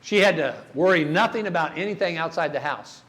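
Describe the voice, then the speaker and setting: A man's voice: a little high, a little fast, a bit bright. An older man preaching a sermon in a church, telling stories and putting questions to the congregation. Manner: storytelling, asks the congregation questions.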